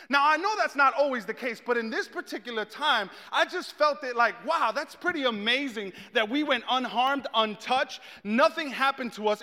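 Male preacher, high and bright, animated storyteller who acts out his quotes; long hall reverb. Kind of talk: storytelling sermon.

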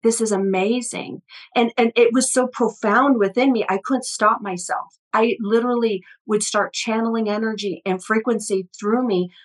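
A woman's voice: fairly high pitch, low-quality recording. A middle-aged woman, an energy healer, telling personal stories in an interview, full of restarts and quoted voices. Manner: animated, quick, many restarts, quotes people. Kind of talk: conversational storytelling interview.

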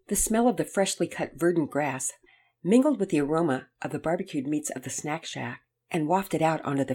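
A woman narrating a children's storybook in a measured, gentle read-aloud manner. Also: low voice, husky.

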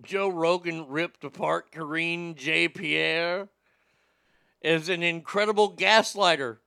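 Snarky guy ranting about the news, high voice with some gravel, bright and dry. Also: fairly even intonation, slow pace, no room sound. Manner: sarcastic, profane, mocking. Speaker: show host. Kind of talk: crude political commentary.

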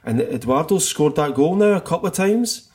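A man's voice: on the high side, expressive, moderate pace, a little mellow, husky. A middle-aged man co-hosting a casual football chat, enthusiastic and rambling, often restarting his sentences. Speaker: podcast co-host.

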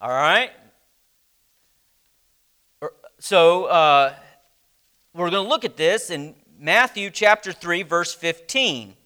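A man's voice: sits high, lively intonation, bright, forceful tone, clear, resonant tone. A man teaching a church Bible class, speaking emphatically, quizzing his listeners and letting phrase ends sink almost to a whisper. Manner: slow, emphatic, asks the class questions.

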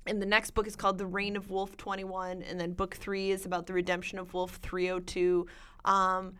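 A woman's voice: mid-range voice, level tone, normal speed, fairly bright tone, clean tone. A woman co-hosting a casual chat, enthusiastically recommending books. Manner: enthusiastic, gushing. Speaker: podcast co-host.

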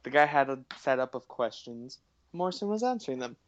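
A man's voice: medium pitch, animated, a little fast, no echo. Rambling young man, dull dry sound. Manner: rambling, laughs often, lots of fillers. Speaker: podcast co-host. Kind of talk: casual chat.

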